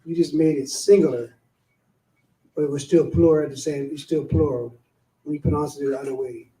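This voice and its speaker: A man's voice: a little high, steady tone, a little fast, mellow. A man in a class, hesitantly asking questions and checking his understanding. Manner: asks questions, hesitant, affirms often. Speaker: student. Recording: roomy, distant mic.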